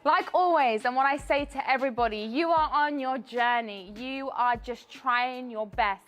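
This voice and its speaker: Upbeat woman fitness coach, fairly high voice. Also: fairly bright tone. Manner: upbeat and encouraging. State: out of breath. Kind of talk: exercise tutorial and pep talk.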